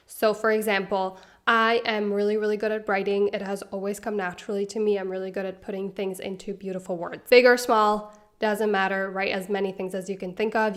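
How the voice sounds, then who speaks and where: Chatty young woman giving upbeat advice. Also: medium pitch. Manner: chatty, upbeat, laughs often. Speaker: self-help video creator. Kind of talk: casual advice talk to camera.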